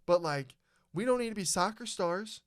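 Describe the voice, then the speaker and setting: A young man hosting a podcast, telling a story in casual chat, animated and swearing a lot. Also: high voice, moderate pace. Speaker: podcast host.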